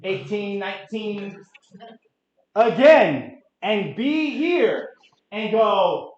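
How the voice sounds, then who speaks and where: A man in his late thirties presenting a real estate market update to a room, energetic and quizzing the audience. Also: sits high, extremely slow. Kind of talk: interactive office presentation. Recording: echoey room, dull lo-fi sound.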